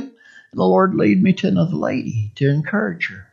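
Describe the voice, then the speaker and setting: A man's voice: fairly high pitch, expressive, normal speed, gravelly, darkish tone, husky, muffled recording. A man preaching a conversational sermon, rambling and folksy, often asking the congregation for an amen.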